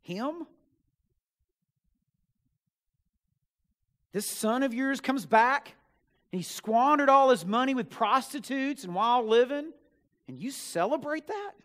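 A bitter, resentful older brother airs his grievances, as a young male preacher puts him on. He is complaining and sullen, and he drops lower and quieter in his hurt. The voice is fairly high overall. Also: lively intonation, measured pace, heavily acted.

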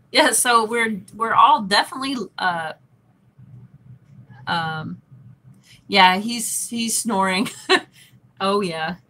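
This livestream host reads her chat aloud in a relaxed session, often laughing along the way. Her medium-pitched voice is expressive, pushed and bright, delivered very slowly with long pauses.

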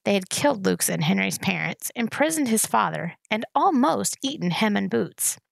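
Female audiobook reader, steady storytelling, heavy vocal fry, mid pitch. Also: normal speed, dry recording. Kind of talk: reading a novel aloud.

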